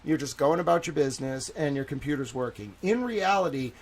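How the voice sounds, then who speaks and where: Young guy ranting on his stream, kinda high voice, says like every other word, gets loud then mutters. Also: animated, a little fast, low-quality recording. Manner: rambling, heavy use of "like", swings from loud indignation to quiet asides. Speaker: livestream host. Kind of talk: casual livestream commentary.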